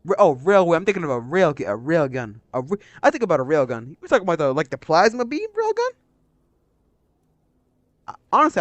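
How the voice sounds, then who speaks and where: A young man reading comics aloud and drifting off into excitable, rambling asides. His voice sits a bit high and sounds close and dry. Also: fast, no echo. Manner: rambling, excitable, says bro. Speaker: manga reader. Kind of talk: casual read-aloud with commentary.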